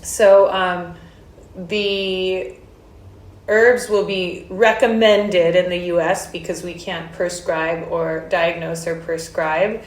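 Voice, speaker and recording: A woman from Hawaii who practices Ayurveda speaks casually in an interview, telling stories warmly but with hesitant fillers and frequent restarts. Her voice is on the low side, slow, and fairly even in intonation, captured in a roomy, echoey recording.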